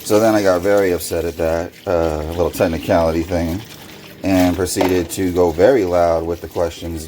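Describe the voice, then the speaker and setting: A man vlogging while he washes dishes at a kitchen sink, telling an upsetting story in an agitated way and getting louder when he recounts arguments. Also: sits low, normal speed. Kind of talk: casual vlog monologue. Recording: noisy room with running water. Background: running water and dish washing.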